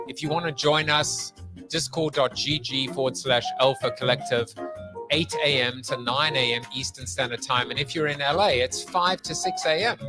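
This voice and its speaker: A man with a South African accent hosting a show, opening with an energetic, rambling, joking introduction full of fillers. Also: medium pitch. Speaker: podcast host.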